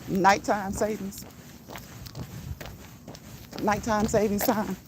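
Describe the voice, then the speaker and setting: On a rural walk, a vlogger from the northern United States talks in a mid-range voice with flat delivery and drawn-out words, and background noise is present. Her casual walk-and-talk style includes frequent laughter and playful repetition of words.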